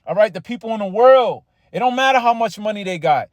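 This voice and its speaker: A man preaching a loose, conversational sermon, reading scripture slowly and checking in with "all right?" and "right?" as he goes. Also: sits high, lively intonation, no room sound, clean studio sound. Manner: reads scripture slowly and with emphasis.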